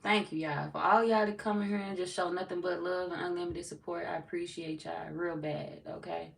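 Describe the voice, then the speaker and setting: A woman with a gravelly, fairly low voice chats casually on a late-night livestream. She reads viewer comments aloud in a loose, playful way, from a little way off the mic. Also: steady tone, a little fast, far from the mic. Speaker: tarot reader greeting live chat.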